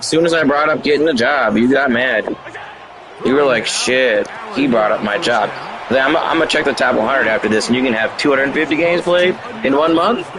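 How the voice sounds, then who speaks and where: Fairly quick and mid-range in pitch, a man mocks an online opponent sarcastically while live-streaming gameplay, hammering the same insults repeatedly. The recording is low quality, with a loud game crowd behind him.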